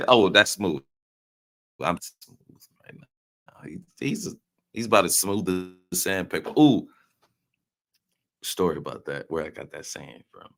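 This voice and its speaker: A man's voice: low voice, sing-song, slow, long pauses, fairly bright tone. A man hosting a casual live stream, teasing his chat with loose slang and frequent laughs. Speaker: livestream host reading chat.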